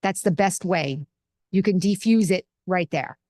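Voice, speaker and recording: A woman's voice: lowish voice, unhurried, darkish tone. A middle-aged woman hosting a casual spiritual talk, teaching in an earnest, conversational way and drawing on personal examples.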